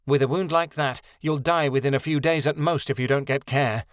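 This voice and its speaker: A man voicing a proud, sharp-tongued female griffin in an audiobook, speaking curtly in a low, measured voice. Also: steady tone, no room sound, studio quality, natural voice. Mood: curt, gruff.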